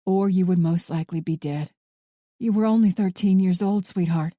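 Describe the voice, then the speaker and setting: A woman voicing a caring, protective male FBI agent in an audiobook, speaking gently and reassuringly. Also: on the low side, moderate pace, no echo, studio quality, close to an everyday voice. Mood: tender.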